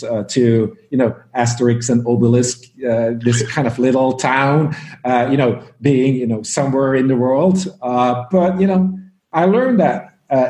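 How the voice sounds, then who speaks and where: Man, from Belgium, casual storyteller, laughs often, mellow, echoey room. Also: medium pitch. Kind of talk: casual panel chat.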